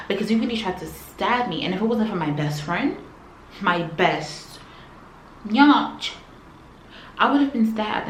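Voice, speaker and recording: A woman vlogger telling a personal story in a casual, animated, slangy way that swings between loud and quiet. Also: medium pitch. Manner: animated, slangy retelling, shifts loudness. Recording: echoey room, faint background hum.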